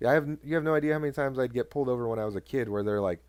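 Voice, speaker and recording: A man's voice: medium pitch, racing, smooth, no room sound. Swearing, storytelling podcast guy. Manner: swears often, animated retelling of cop stories. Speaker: podcast co-host. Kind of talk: casual chat, storytelling.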